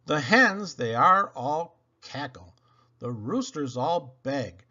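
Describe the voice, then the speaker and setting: A man's voice: on the high side, animated, slow, bright, forceful tone, muffled recording. A man reading children's poems aloud, playful and theatrical. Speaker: children's book reader.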